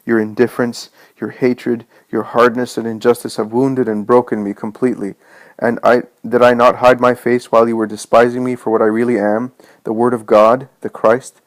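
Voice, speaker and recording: A man voicing Jesus as a gentle, loving savior, speaking in a solemn, tender way. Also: medium pitch, flat delivery, moderate pace, no echo, close to an everyday voice, rough recording.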